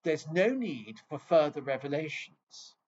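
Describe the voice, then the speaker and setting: A man's voice: fairly high pitch, very animated, measured pace, darkish tone, lo-fi sound, a little hiss or hum. A man from England giving an informal lecture on scripture, chatty and digressive with wry asides.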